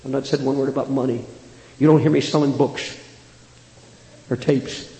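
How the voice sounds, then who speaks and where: A man preaching a fiery sermon to a church congregation, with an impassioned delivery that swings from hushed to loud. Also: mid-range voice, steady tone, normal speed. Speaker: traveling preacher. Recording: echoey hall with long reverb.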